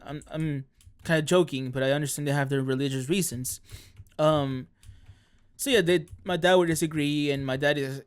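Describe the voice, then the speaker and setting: A man streaming, chatting casually in a rambling way, often correcting himself and laughing mid-sentence. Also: a little high. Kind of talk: casual chat.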